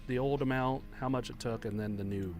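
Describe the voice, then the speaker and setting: A man's voice: mid-range voice, fairly quick. A teasing, giggly man chatting casually with his tabletop game group. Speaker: player.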